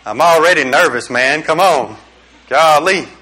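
A man's voice: a little high, measured pace, bright, forceful tone, some chatter behind. A middle-aged man giving a casual youth sermon, joking and quizzing his audience. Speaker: youth pastor. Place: small room with a group.

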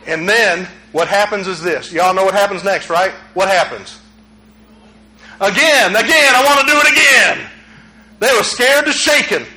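A male pastor, preaching a sermon in a conversational way that climbs to shouts. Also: high-pitched, poor audio.

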